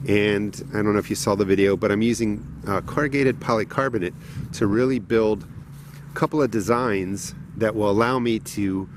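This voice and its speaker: Middle-aged jersey accent guy, lowish voice, rambling gardening vlog, walking around outside in the cold. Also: slight background noise. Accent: New Jersey. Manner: chatty, rambling, laughs at himself. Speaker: gardening channel host. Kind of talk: casual walk-and-talk gardening vlog. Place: indoor grow room then outdoors in cold garden.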